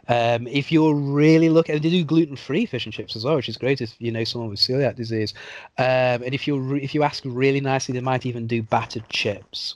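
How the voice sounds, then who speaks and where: A man's voice: medium pitch, no room sound. Brief: man, podcast guest, eager and rambling, dry close sound. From England. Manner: enthusiastic, rambling with many restarts. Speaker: screenwriter guest. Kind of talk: podcast interview.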